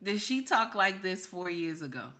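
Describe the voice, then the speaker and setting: Woman host, bright and forceful tone, emphatic, repetitive reaction commentary. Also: on the low side, big pitch swings, moderate pace. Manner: emphatic, repeats "okay?" to drive points home; talks to her chat directly.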